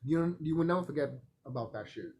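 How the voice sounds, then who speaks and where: Man, husky voice, swooping lively pitch, rambling profane vlog monologue. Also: quick pace. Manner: profane, animated, laughs often. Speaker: vlogger.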